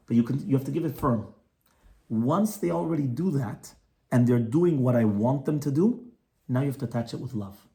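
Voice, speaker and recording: A man whose voice sits on the high side and sounds a little mellow, a rabbi, teaches a conversational Torah class on child education in a home. He often turns to his small audience with "right?"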